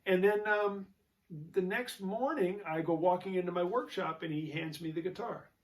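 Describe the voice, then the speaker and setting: A man's voice: sits high, moderate pace, distant mic. A man hosting his own show, telling a rambling story in a casual, chatty way with many fillers and restarts. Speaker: show host, jazz guitarist.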